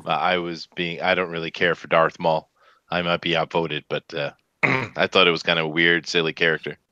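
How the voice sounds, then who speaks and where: A man's voice: low-pitched, steady tone, normal speed, pushed and bright, dry recording. A man in a casual chat with a wry, teasing way of talking. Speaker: podcast host, guest. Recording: dull lo-fi sound.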